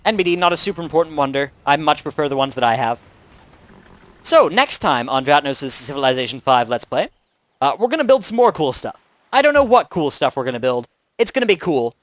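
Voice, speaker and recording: A man's voice: fairly high pitch, very animated, brisk. A young man hosting a video game Let's Play, chatting casually with wry asides while he plays. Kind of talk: casual gameplay commentary.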